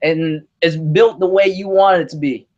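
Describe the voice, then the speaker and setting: Guy ranting about consoles, swears a lot, kinda high voice, muffled lo-fi sound. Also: normal speed. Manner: profane, animated, laughing often. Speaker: gaming channel co-host. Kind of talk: casual gaming chat podcast.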